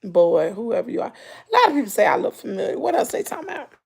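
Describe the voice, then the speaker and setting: A woman's voice: fairly high pitch, fast, vocal fry, slightly rough. A woman from Mississippi with a Southern accent, hosting a casual livestream, telling stories with country slang and reading comments aloud. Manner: animated storytelling, loud laughter, country slang. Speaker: livestream host.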